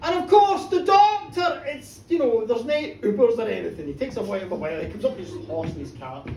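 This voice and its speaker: Animated storyteller in a pub. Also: mid-range voice, brisk, vocal fry, a little hiss or hum. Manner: animated, teasing the audience, acting out voices. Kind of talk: live comic horror storytelling. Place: pub, live audience. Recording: echoey pub room, distant mic.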